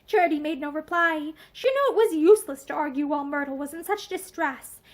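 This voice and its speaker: A woman's voice: sits high, animated, brisk. A woman reading a novel aloud, telling the story expressively while seated indoors facing the camera. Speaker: audiobook reader.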